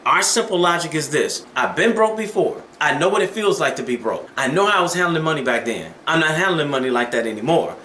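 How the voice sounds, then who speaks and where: Man, casual vlogger, bright and a bit high, storytelling, echoey room. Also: animated, quick pace, few pauses, a little hiss or hum. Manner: storytelling, preachy, conversational. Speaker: dating advice vlogger. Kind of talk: casual vlog monologue.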